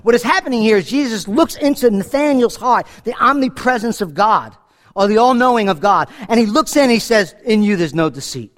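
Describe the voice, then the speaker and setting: A man's voice: high voice, animated, fairly quick, fairly bright tone. A middle-aged man from New York preaching a conversational Bible-teaching sermon, acting out the scripture dialogue. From New York, USA. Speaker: pastor.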